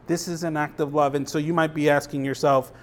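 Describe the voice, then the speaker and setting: A man's voice: on the high side, level tone, brisk, slight background noise. A young adult man, a pastor, preaching a sermon in a conversational way, often checking in with the congregation and reading scripture aloud with rising emphasis.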